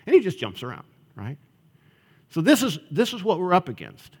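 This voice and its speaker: A man's voice: high voice, wildly swooping pitch, normal speed, husky. Conversational male preacher in a hall. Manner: conversational, often asking the audience "right?". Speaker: pastor. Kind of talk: sermon. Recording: long reverb of a large hall.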